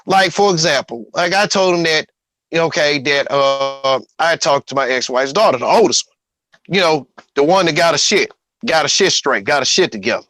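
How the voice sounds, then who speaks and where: A man's voice: fairly high pitch, expressive, normal speed, fairly bright tone, no echo. A man telling a personal story in casual talk, rambling, restarting, and quoting what others said. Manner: rambling, repeats himself, quotes others.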